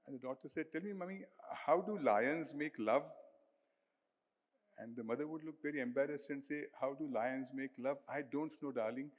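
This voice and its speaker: An older man with an Indian English accent giving a conference keynote, telling self-deprecating anecdotes with a humorous touch. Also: mid-range voice. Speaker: keynote speaker. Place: large hotel conference hall. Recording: dull recording with long hall reverb.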